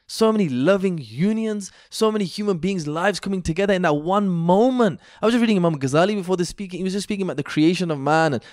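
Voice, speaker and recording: A young man tells a story as a podcast guest. His talk runs quick, loose and casual, with slang and fillers. The sound is close and dry, with no room echo. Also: on the high side. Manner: lively, chatty, with slang and lots of fillers. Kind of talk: animated storytelling in casual chat.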